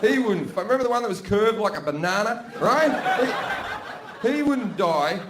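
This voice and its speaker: A man with an Australian accent performing profane stand-up comedy, swinging between loud bursts and low mutters, in a theater. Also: animated, moderate pace, background noise. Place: theater with a balcony, live audience. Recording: roomy live stage recording with audience laughter.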